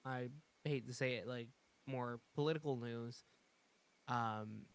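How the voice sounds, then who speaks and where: Brief: podcast co-host, smooth clear voice, halting delivery, lots of ums. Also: medium pitch. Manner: hesitant, many filler pauses. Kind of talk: casual chat.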